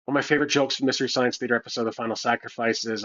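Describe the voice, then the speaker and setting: A man's voice: mid-range voice, steady tone, very fast, a bit bright. A man narrating his solo tabletop adventure, thinking aloud with hesitations and restarts. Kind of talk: casual solo role-play narration. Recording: slightly dull lo-fi sound.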